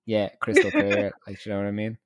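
A man hosting a podcast, joking and swearing casually and laughing loudly. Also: fairly low pitch, little pitch movement, a little fast, no echo, clean studio sound. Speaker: podcast host. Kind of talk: casual chat.

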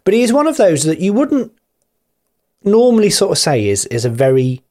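A man's voice: high-pitched, wildly swooping pitch, moderate pace, a little mellow. A man co-hosting a podcast, gushing and playful in casual chat. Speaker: podcast co-host.

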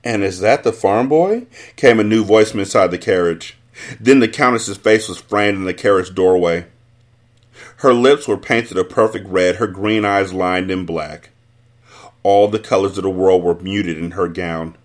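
A man hosting a book podcast, reading a novel aloud with expressive, animated storytelling. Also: sits low, moderate pace.

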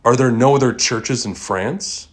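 A sardonic, indignant customer who questions everything, pitched well above the reader's own voice and spoken louder. His remarks come dry and pointed. A man reading a short story acts him out. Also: measured pace, natural voice.

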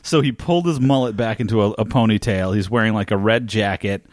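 A man co-hosting a podcast, chatting casually about a TV episode and reacting with quick agreement. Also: lowish voice, no echo. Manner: enthusiastic, reacts with short agreements. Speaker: podcast co-host. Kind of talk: casual recap chat.

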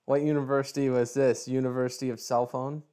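A man's voice: medium pitch, little pitch movement, a little fast, mellow, smooth. A man co-hosting a casual podcast, joking around and explaining his project step by step. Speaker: podcast co-host.

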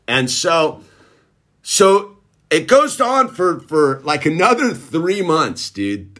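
Man, middle-aged, slangy storyteller, lively up-and-down voice, bright, forceful tone. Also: on the high side, slow. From Southern California. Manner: laid-back surfer slang, says dude a lot. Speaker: recovery storyteller. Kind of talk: casual storytelling.

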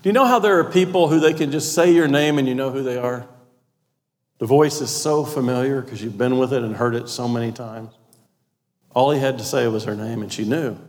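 A man delivering a sermon in an emphatic, repetitive style, breaking off to ask the listeners direct questions. His voice sits at an ordinary middle pitch. It carries a long reverb from a large hall. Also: fairly quick. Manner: emphatic, repetitive, conversational asides. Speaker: preacher.

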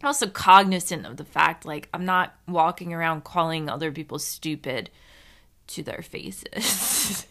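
Alone on her podcast, this host rambles and pokes fun at herself, swearing now and then in casual chat. She talks at normal speed with few pauses, in a low-sitting, fairly bright voice.

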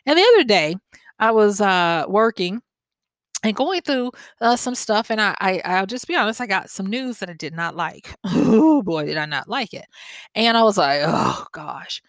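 Southern lady doing her podcast, chatty and storytelling, mid pitch, dry close sound. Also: normal speed, no echo. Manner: animated storytelling, chatty asides with laughs. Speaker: podcast host. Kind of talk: reflective solo podcast talk.

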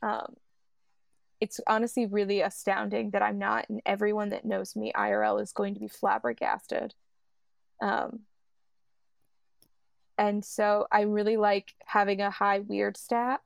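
A woman's voice: medium pitch, level tone, measured pace, vocal fry, pauses often, no echo. A woman tabletop game player in a casual podcast chat, upbeat and chatty.

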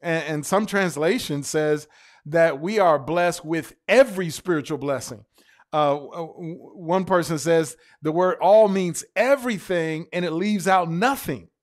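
A man preaching a sermon to his congregation, stretching key words for emphasis, spelling them out letter by letter and calling out to the church. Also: a little high. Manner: emphatic, drawn-out stresses on single words; calls out to the congregation.

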